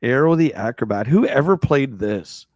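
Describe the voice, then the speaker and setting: A man's voice: medium pitch, expressive, moderate pace, no room sound. A man co-hosting a casual livestream, reading a magazine aloud with sarcastic, jokey asides. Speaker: podcast co-host.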